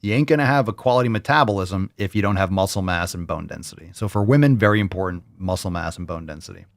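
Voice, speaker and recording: A man's voice: low voice, fast, creaky, no room sound. Brief: male fitness podcast host, blunt and profane, hypes things up with mock sales talk, dry close sound. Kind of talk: casual podcast monologue.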